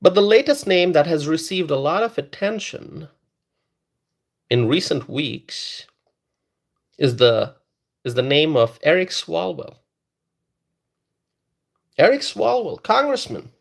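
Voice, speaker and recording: A man's voice: on the high side, very animated, slow pace, creaky, long pauses. A man hosting a live political stream, talking straight to his chat viewers and repeating phrases for emphasis. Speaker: political livestream host.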